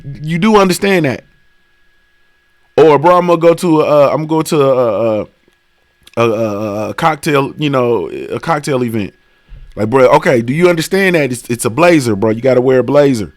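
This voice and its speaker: A man's voice: mid-range voice, expressive, normal speed. A man hosting a casual boxing talk livestream, rambling and profane with heavy slang and constant "bro" and "you feel me.". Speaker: livestream sports talk host.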